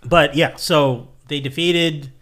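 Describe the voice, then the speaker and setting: A man's voice: on the high side, steady tone, takes it slowly, fairly bright tone. A man hosting a casual podcast chat, laughing often and acting out movie scenes in put-on voices. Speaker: podcast host.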